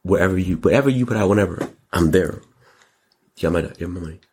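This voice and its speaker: A man hosting his own show, giving a casual, animated movie review full of slang and repeated words. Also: sits low, fast talker, a little hiss or hum. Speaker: show host.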